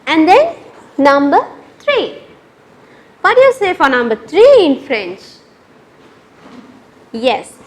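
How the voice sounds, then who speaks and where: A woman teaching a lesson to pupils, speaking slowly and repeating each word for them to copy. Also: sits high, wildly swooping pitch. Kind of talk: classroom lesson.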